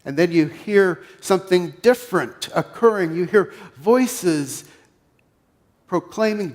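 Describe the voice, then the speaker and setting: A man with a Pennsylvania accent preaching a sermon as pastor, leading listeners through a story in a slow, guided way that swells loud and then falls to a hush. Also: sits high, lively intonation.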